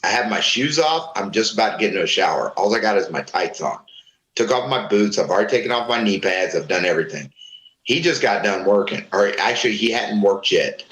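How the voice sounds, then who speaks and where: Recorded roughly in an echoey room, this man talks fairly quickly at a fairly low pitch. He's a middle-aged Floridian and ex-wrestler guesting on a casual interview, telling animated, profane stories and acting out others' words.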